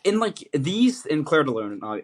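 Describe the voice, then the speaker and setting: Husky-voiced young man rambling casually. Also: a little high, very animated, moderate pace. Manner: rambling, thinking aloud with many fillers. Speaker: podcast host. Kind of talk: casual chat.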